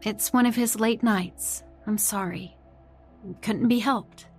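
A man voicing a gentle, kindly middle-aged mother in a narrated horror story. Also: very high voice, expressive, normal speed, soft background music, pitched above the performer's own voice. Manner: soft, kindly, a little regretful.

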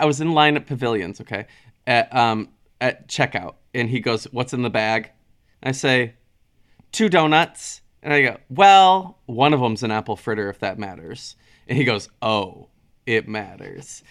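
A man co-hosting a comedy podcast, chatting casually and acting out the people in his stories. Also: mid-range voice. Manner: animated storyteller, acts out quoted voices. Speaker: podcast co-host.

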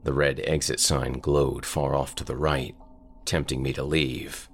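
A man narrating a first-person horror story in a measured, deliberate way. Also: rumbling low, fairly even intonation, a bit bright. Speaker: voice actor narrator.

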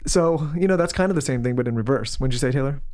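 A man co-hosting a podcast, reading ads and trading jokes in fast casual banter. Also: mid-range voice, darkish tone. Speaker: podcast co-host. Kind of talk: casual chat and read ads.

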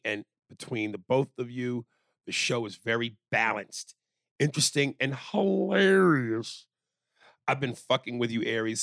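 A man co-hosting a comedy podcast in casual chat, loud and playful, slipping into silly bits. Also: medium pitch, no room sound. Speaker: podcast co-host.

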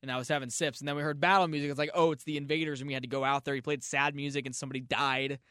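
A man's voice: medium pitch, fairly even intonation, pushed and bright, smooth, no echo, clean studio sound. An American man co-hosting a comedy podcast, rambling and riffing in casual comedic chat. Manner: rambling, jokey, quick to riff. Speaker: podcast co-host.

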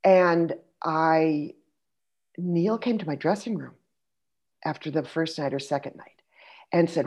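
A middle-aged woman telling stories in a casual conversation, animated, acting out the people she quotes and dropping into soft asides. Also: low-pitched, unhurried, pauses often, breathy edge. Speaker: podcast guest, actress.

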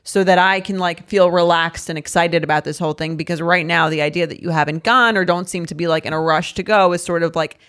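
A woman's voice: lowish voice, steady tone, quick pace, few pauses, a bit bright. Woman, 30s, dating podcast co-host, chatty and casual, lots of "like" fillers. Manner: chatty, many "like" fillers, reads listener emails. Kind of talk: casual chat.

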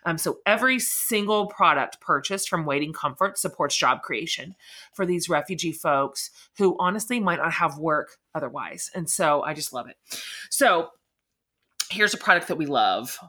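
A woman's voice: deep voice, expressive, normal speed, pushed and bright. A middle-aged woman co-hosting a podcast, gushing about products in a chatty way with many fillers. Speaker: podcast co-host. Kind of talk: casual gift-guide chat.

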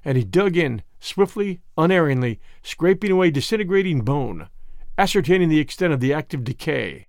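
A man narrating a classic story in a measured, dramatic reading. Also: fairly high pitch, animated, a little mellow, dry recording, clean studio sound.

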